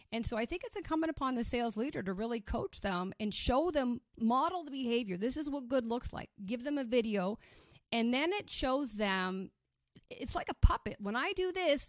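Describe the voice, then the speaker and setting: Woman sales coach, fairly high voice, emphatic, dry close sound. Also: no echo. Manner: animated, emphatic, quick restarts. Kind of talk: casual podcast conversation.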